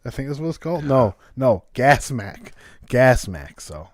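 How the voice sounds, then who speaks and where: A man co-hosting a casual wrestling podcast, talking slowly and loosely, audibly stoned and rambling. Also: medium pitch, big pitch swings, dry recording, studio quality. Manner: slow, stoned, meandering. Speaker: podcast co-host.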